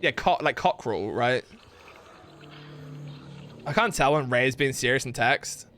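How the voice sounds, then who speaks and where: A man's voice: mid-range voice, lively intonation, unhurried, sharp tone, a little hiss or hum. A man chatting casually on a live game stream, rambling, laughing and swearing freely. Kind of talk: casual live-stream chat while gaming.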